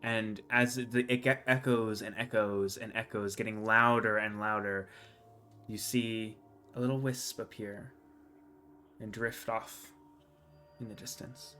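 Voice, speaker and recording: A man running a tabletop fantasy game as dungeon master, describing scenes in a relaxed, descriptive way. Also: fairly low pitch, unhurried.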